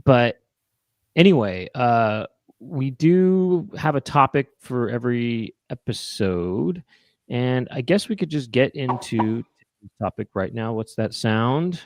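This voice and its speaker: A man's voice: medium pitch, animated, slow pace, dry recording, studio quality. A man co-hosting a live chat show, rambling casually with laughs and you-knows.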